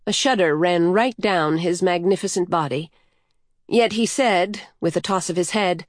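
A woman narrating a storybook in a calm, measured way. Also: on the low side, no echo, clean studio sound. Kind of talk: scripted narration.

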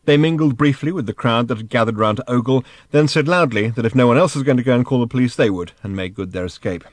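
A man reading an audiobook as narrator, in a wry, even storytelling manner. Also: medium pitch, fast talker, no room sound. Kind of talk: scripted narration.

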